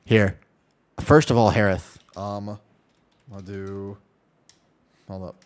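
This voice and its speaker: While streaming a game live, a man chats casually and animatedly with his viewers, addressing people in chat by name. His voice is on the low side and he takes it slowly, with keyboard typing audible behind him.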